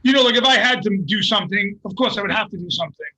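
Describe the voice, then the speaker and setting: A jiu-jitsu coach and guest, a man telling animated, profane stories in casual podcast chat. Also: high voice, very fast, a crowd in the background, poor audio.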